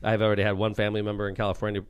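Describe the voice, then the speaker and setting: A man's voice: fairly low pitch, racing, smooth. A middle-aged man and mayor hosting a podcast, chatting casually and acting out his own quotes as he tells stories. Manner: animated storyteller, acts out his own quotes. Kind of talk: casual chat.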